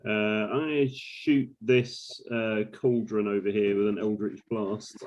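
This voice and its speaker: A man's voice: fairly low pitch, steady tone, unhurried, a little mellow, highs cut off, slight background noise. A man playing in a tabletop game, talking casually and joking easily. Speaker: player.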